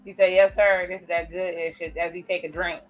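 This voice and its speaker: A woman's voice: on the low side, level tone, a little fast, faint music behind. Chatty woman reacting to TV. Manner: chatty, reacts aloud while narrating scenes. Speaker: reaction video host. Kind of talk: casual TV episode reaction commentary.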